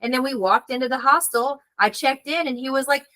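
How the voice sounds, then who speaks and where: A woman's voice: sits high, brisk, hardly any pauses, rough recording. A woman, a guest author, telling a story in casual conversation and acting out the voices she quotes. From United States. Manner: animated storyteller, acts out quoted voices, frequent "like".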